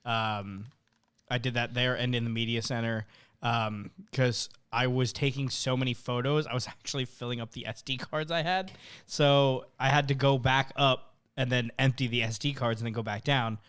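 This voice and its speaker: A young man, a podcast co-host, telling a story in an animated way with a lot of laughter, in casual chat. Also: mid-range voice, normal speed, clean tone.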